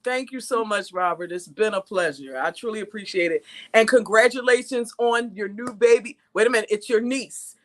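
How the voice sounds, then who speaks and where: A woman's voice: mid-range voice, moderate pace. A middle-aged woman, a guest in a casual chat, speaking emphatically and repeating her phrases.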